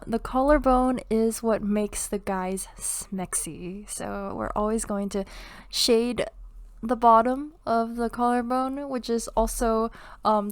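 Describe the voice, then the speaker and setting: A woman's voice: fairly high pitch, clean tone, dry recording. A young woman with a congested voice casually talking through her drawing process, rambling with lots of fillers and little laughs. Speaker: art youtuber. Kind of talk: casual drawing tutorial commentary.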